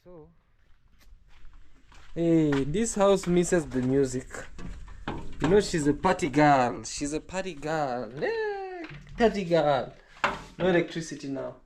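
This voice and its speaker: A man's voice: on the high side, slow pace, pauses often, noisy background. A man with a Kenyan accent talking to camera for his vlog, rambling and wistful as he speaks to his viewers. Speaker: vlogger. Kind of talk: casual talk to camera.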